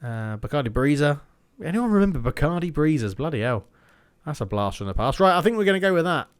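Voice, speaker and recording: A man's voice: a little high, very animated, fast talker, clear, resonant tone. A young man giving casual gameplay commentary, thinking aloud and slipping into mock match commentary. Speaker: gaming YouTuber.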